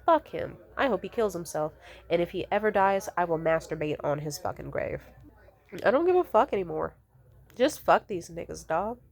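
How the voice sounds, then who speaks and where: A woman's voice: lowish voice, expressive, normal speed, a little mellow. A young woman ranting casually, blunt and profane, exasperated, mimicking the people she complains about.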